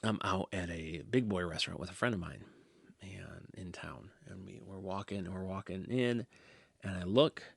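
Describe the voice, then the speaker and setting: Low gravelly guy rambling thru a story, dry close sound, slips into whispers. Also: no echo. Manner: rambling, often drops to a hushed near-whisper. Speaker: podcast host. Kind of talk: casual storytelling monologue.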